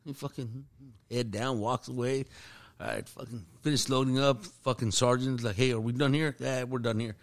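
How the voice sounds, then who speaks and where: A man, an army sergeant, telling a profanity-laced work story in casual chat and acting out shouted quotes. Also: mid-range voice, steady tone, moderate pace.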